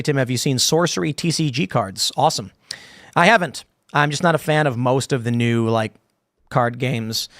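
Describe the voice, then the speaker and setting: A man's voice: a little high, fairly bright tone, dry recording. Rambling man, dry close mic. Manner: rambling, many fillers and repeated starts. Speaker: show host reading chat comments. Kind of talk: casual live-stream commentary.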